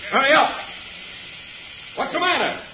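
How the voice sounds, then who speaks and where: A sneering outlaw boss barking orders in a 1950s radio western, with a high voice. The old broadcast is muffled and hissy, with a roomy echo. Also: male voice, expressive, measured pace. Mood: menacing. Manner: sneering, commanding. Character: scheming outlaw boss, grown man.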